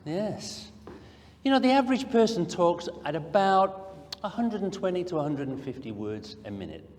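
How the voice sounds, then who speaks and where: A man's voice: high voice, big pitch swings, moderate pace, a little mellow, a little hiss or hum. A man giving a playful, teasing contest speech in a large conference hall.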